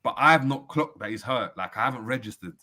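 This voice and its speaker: A man's voice: mid-range voice, brisk. A man hosting a casual football chat show, telling stories in slang and reading out viewer comments. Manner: animated storytelling, slangy, reads out viewer comments. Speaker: host.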